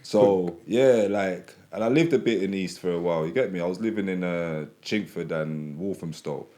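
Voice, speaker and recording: A man's voice: low voice, normal speed, mellow. A middle-aged man from Birmingham with a North London accent and a slight Birmingham twang, chatting casually as a podcast guest and often saying "you get me". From Birmingham, England. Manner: rambling, peppered with "you get me". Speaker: guest rapper.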